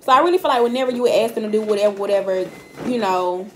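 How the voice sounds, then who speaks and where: A woman's voice: mid-range voice, fast, a little hiss or hum. A woman giving a casual tarot reading straight to camera. She is blunt and profane and talks directly to her viewers. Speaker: tarot card reader. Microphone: camera mic.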